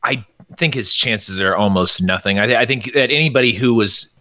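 A man's voice: mid-range voice, moderate pace, sharp tone, no echo, clean studio sound. A man from the United States, a podcast guest, giving rambling, opinionated takes in casual political chat, with many restarts.

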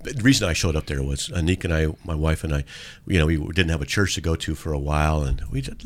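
A man's voice: a bass voice, animated, fast talker. A man hosting a call-in radio show from a studio, talking in a casual, joking and rambling way.

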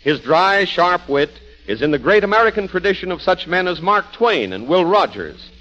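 A man working as a 1940s radio announcer, giving formal, booming introductions. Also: very animated, normal speed, a bit bright. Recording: dull 1940s radio broadcast with faint music.

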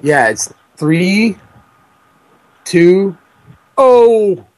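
A man making a prank phone call, rambling and crude in a deadpan way. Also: medium pitch, moderate pace. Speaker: prank caller.

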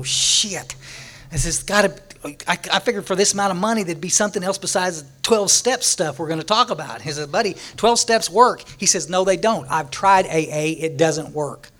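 Man, slightly raised pitch, folksy and joking, storytelling speaker at a recovery meeting. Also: fairly bright tone. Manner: folksy storytelling with jokes and laughter.

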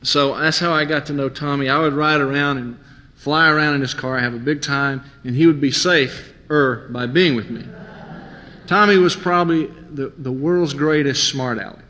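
A man's voice: a little high, normal speed. A man telling stories from his youth in a sermon, acting out his friends' voices as he goes. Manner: animated storyteller, mimics friends. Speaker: preacher. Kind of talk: sermon with storytelling. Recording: long hall reverb.

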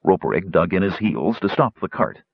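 A man narrating an audiobook in a measured, expressive storytelling manner. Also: low-pitched, gravelly, breathy edge, dry recording. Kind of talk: scripted narration. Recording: dull, dry recording.

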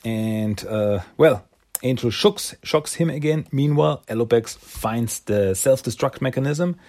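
A man's voice: medium pitch, unhurried, a little mellow. A man casually retelling a comic story, rambling with fillers and slipping into character voices. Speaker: comic recap host.

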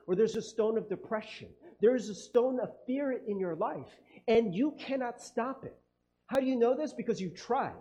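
A man's voice: extremely high pitch, dark tone. A man preaching a conversational sermon as a pastor, chatty and casual, acting out quoted voices and laughing often. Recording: dull lo-fi sound.

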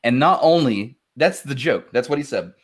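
A man's voice: medium pitch, expressive, normal speed, breathy edge. A young man hosting a casual show, reading listener jokes aloud, laughing often and swearing casually. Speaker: show host.

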